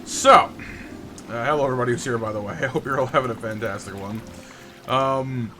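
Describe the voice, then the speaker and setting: A man's voice: mid-range voice, fairly quick, pushed and bright, soft background music. A man streaming a game live, telling a rambling story and greeting his chat with lots of stammered restarts. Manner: chatty storyteller, repeats words when starting sentences.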